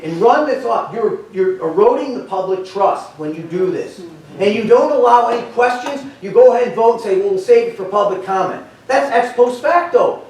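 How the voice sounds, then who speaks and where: A man with a notably high-pitched voice delivers a heated public comment at a county board meeting. He is confrontational and impassioned, stumbling and repeating words as he presses his case. He is heard from a distance in a very echoey meeting hall.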